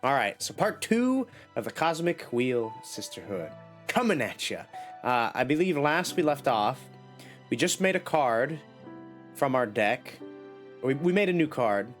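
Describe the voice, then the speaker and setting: A man's voice: medium pitch, sing-song, a little slow, faint music behind. A man streaming a game live, chatting playfully to himself and his viewers with a slight cough. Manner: chatty, playful self-talk. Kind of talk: casual live gameplay chat.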